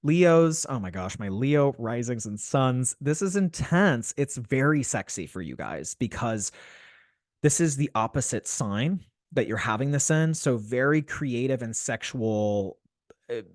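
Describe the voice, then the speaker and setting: A man's voice: medium pitch, animated, a little slow, no room sound, clean studio sound. A man giving a weekly horoscope reading, chatty and playful, with lots of fillers and restarts. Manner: chatty and playful, with frequent fillers and self-corrections. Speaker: astrologer. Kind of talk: weekly horoscope video talk.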